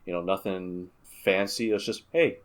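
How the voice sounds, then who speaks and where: Man with a lowish voice, rambling. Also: normal speed. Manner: rambling storyteller with many restarts. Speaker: podcast guest. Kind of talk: casual gaming podcast chat.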